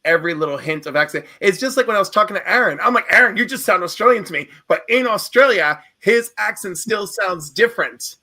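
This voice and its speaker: Joking american guy in a group chat, high bright voice. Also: animated, fairly quick, few pauses. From United States.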